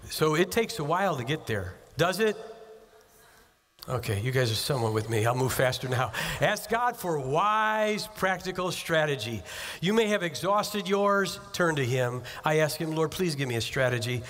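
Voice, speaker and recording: A man's voice: on the high side, lively intonation, moderate pace. A pastor preaching a sermon in an earnest, conversational way, acting out little scenes as he goes. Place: church sanctuary. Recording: long hall reverb.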